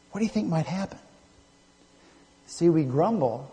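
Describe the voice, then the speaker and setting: High, mellow-voiced pastor preaching in a hall. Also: male voice, expressive, moderate pace, long pauses. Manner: preaching with emphatic rises and quiet drops. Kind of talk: sermon. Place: church sanctuary.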